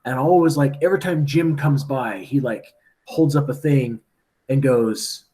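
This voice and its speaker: A man's voice: medium pitch, moderate pace, darkish tone. A man teaching a class, casually retelling a story with lots of "like" and "right?".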